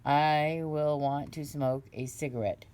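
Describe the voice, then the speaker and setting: A woman reading aloud and voicing a hypnotized female smoker, who repeats words slowly and dreamily. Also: sits low, smooth. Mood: dazed. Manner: slow, flat, dreamy repetition.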